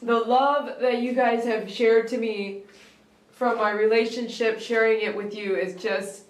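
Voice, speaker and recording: A woman's voice: on the high side, fairly even intonation, a little slow, roomy sound. A woman hosting a live stream, opening gifts in an emotional, tearful way and laughing often. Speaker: host of a pet grooming channel.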